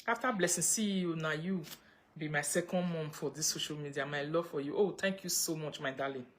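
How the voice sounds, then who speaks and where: A woman's voice: deep voice, fairly quick. A Nigerian woman chatting casually on a livestream, reading viewer comments and mixing pidgin with English. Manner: chatty, mixes pidgin and English, breaks into laughter. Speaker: livestream host.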